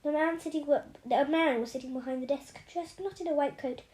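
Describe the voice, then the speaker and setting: Woman reading a novel out loud, high voice, keeps stumbling and starting lines over. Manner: halting, with frequent restarts and self-corrections. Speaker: audiobook reader.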